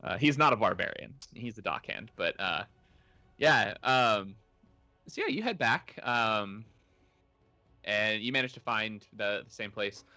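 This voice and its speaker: A man's voice: lowish voice, measured pace, bright, forceful tone, no room sound. A man running a tabletop game as game master, narrating loosely with lots of fillers. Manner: rambling, lots of fillers, laughs easily.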